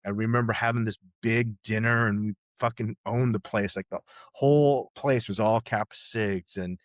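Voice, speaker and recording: A man's voice: lowish voice, steady tone, moderate pace, dry recording. Podcast guest, sixties, male: rambling, salty storyteller, dry close mic. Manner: rambling, profane, many restarts and "you know"s. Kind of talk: casual storytelling chat.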